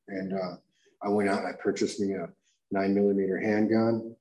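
Low-voiced man telling a raw story. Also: flat delivery, normal speed, mellow. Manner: raw, confessional storytelling, full of "you know" and "dude". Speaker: recovery speaker sharing his story. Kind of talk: personal testimony to a live audience. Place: room with an audience. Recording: echoey room.

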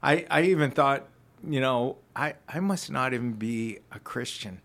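A man's voice: mid-range voice, a little slow, fairly bright tone. A man earnestly recounting his personal testimony in casual conversation, reflective and full of restarts. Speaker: ministry founder, podcast guest.

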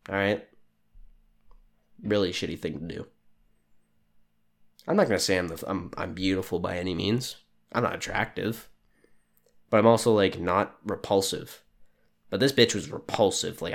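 Young male podcast host, low-pitched, sleep deprived, crude sardonic ranting. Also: creaky. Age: young adult. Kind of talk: profane solo rant.

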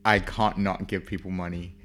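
A man's voice: deep voice, little pitch movement, normal speed, a bit bright. A young man co-hosting a podcast in easygoing, casual banter, mostly agreeing and chuckling. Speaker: podcast co-host.

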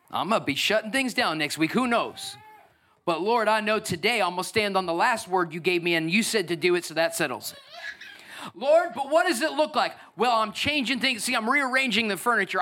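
A man in his thirties preaching a lively sermon as pastor, acting out voices and swinging from loud bursts to soft, tearful moments. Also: sits high. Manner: energetic, acts out voices, swings from shouting to near tears.

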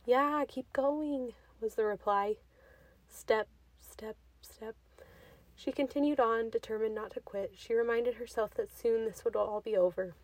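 A woman reading a short story aloud in an expressive, unhurried way. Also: fairly high pitch, no echo.

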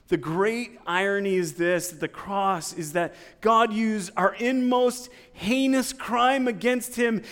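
Pastor preaching in a long-reverb hall. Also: male voice. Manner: swings from hushed and low to loud and climbing; repeats phrases for emphasis. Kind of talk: sermon.

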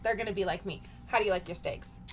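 A woman co-hosting a podcast in casual chat, jumping in with quick, reactive comments. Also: mid-range voice, slight background noise. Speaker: podcast co-host.

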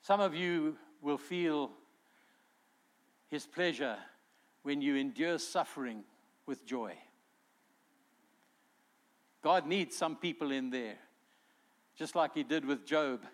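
A male pastor delivering a sermon, animated and emphatic, acting out quotes with rising force. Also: on the high side, takes it slowly, long pauses. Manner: animated preaching, voices quotes with swelling emphasis.

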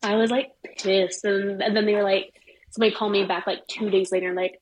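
A middle-aged woman telling a personal story in casual chat, animated and swearing freely. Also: medium pitch, brisk, slight background noise, low-quality recording. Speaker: guest.

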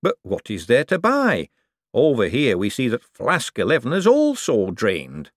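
A man voicing an eager, fussy little male bank economist who talks slowly and earnestly. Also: medium pitch, wildly swooping pitch, no echo, clean studio sound, pitched above the performer's own voice.

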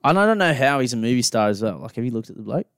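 On a casual podcast, an Australian co-host with a medium-pitched voice and big pitch swings races through blunt stories and opinions, swearing freely and mimicking people in his anecdotes. The studio-quality recording has no echo.

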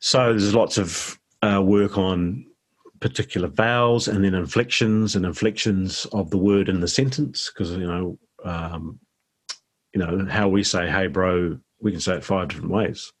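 A middle-aged man with a New Zealand accent, an actor guest in a relaxed interview, telling easygoing, rambling anecdotes. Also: deep voice, moderate pace, slightly rough.

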